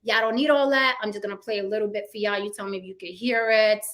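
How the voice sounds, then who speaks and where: A woman's voice: mid-range voice, fairly even intonation, quick pace, noisy background. A woman giving blunt, chatty, profane commentary on a vlog. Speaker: commentary vlogger. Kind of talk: casual spoken commentary.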